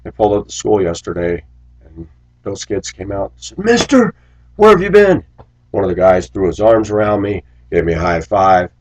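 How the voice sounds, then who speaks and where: A man's voice: sits low, steady tone, fairly quick, darkish tone. A man who drives a school bus, telling stories and preaching in a rambling, aggrieved personal monologue. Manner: preachy, aggrieved, storytelling with asides.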